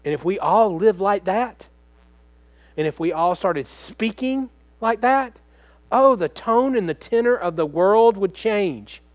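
A male pastor delivers a sermon in an earnest, conversational way, often putting questions straight to his congregation. His voice sits a little high for a man and sounds dry and close, with no room echo. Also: animated, unhurried.

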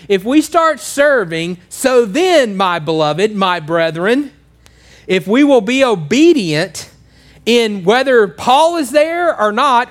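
High-voiced man preaching a sermon. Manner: conversational, asks the congregation questions. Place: church.

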